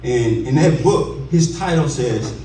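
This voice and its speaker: A man in his forties gives an unscripted acceptance speech in a school cafeteria, emotional and halting, circling back over his words. The sound is roomy and heard from some distance, with a faint hiss underneath. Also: mid-range voice, expressive, warm tone. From Commerce, Texas. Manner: heartfelt, halting, many restarts. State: emotional, voice choking up. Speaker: honoree giving an acceptance speech.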